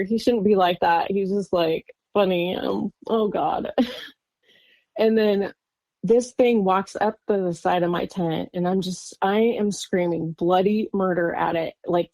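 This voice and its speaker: A guest on an interview podcast, a woman from Oregon, USA, recounts a personal encounter in a rambling way, full of fillers and nervous laughter. Her voice is mid-range and mellow, with no echo, and she appears as a witness.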